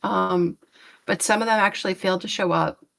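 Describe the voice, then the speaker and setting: A woman's voice: medium pitch, fairly even intonation, moderate pace, gravelly, a bit bright. A woman co-hosting a podcast who rambles through a casual, exasperated rant, full of fillers and restarts, with blunt swearing. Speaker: podcast co-host.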